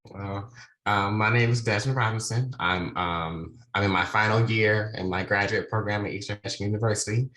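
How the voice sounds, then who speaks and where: A man's voice: on the low side, steady tone, moderate pace, bright, forceful tone. A young man, a graduate student who coaches students for college, introducing himself on a panel in a polite, eager, thankful way. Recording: echoey room.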